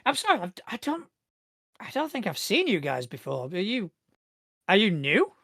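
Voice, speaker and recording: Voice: mid-range voice, huge pitch swings, normal speed, creaky, fairly bright tone, husky, no echo, studio quality, voice pushed up, full character voice. A game master voicing a nervous, apologetic male security guard who hesitates and says sorry often. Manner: hesitant, full of fillers and apologies.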